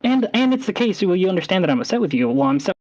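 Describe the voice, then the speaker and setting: A man's voice: high-pitched, sing-song, racing, a little mellow, muffled recording. A man in a heated online debate, rambling and hesitant with many restarts.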